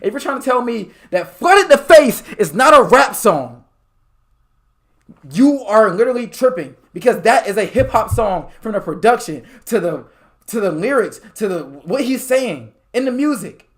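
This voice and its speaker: A young man presses his point quickly and insistently. He talks in a high voice and keeps building one argument on the next. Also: very animated, fairly bright tone. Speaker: podcast host. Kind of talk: casual debate.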